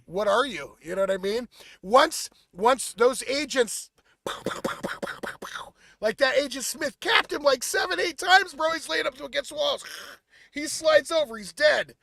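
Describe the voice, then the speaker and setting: Animated high-voiced man telling stories. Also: moderate pace, creaky, no echo. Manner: animated, dramatic storytelling. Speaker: podcast co-host. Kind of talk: casual podcast chat.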